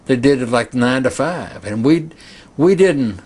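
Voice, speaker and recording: A man's voice: medium pitch, animated, unhurried, darkish tone, breathy edge. A man in an interview, recalling old times in a casual, amused way.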